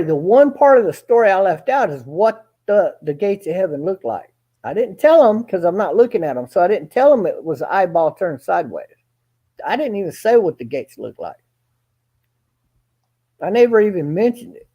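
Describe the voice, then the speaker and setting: Husky, dark-voiced man telling a story. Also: high-pitched. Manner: rambling, folksy, profane, acts out quoted dialogue. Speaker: guest storyteller. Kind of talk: casual storytelling.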